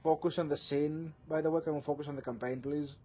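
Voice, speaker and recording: A man's voice: on the high side, steady tone, fast talker, warm tone, slight background noise. A man serving as game master, narrating a tabletop game with an earnest tone and steering the players back on track.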